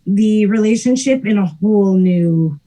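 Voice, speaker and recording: A young woman co-hosting a casual spiritual chat, explaining calmly with many fillers. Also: medium pitch, measured pace, poor audio. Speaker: podcast co-host.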